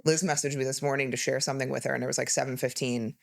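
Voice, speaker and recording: A woman's voice: extremely low pitch, level tone, rapid-fire, gravelly. Candid woman rambling through everyday stories. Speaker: podcast co-host. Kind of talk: casual chat.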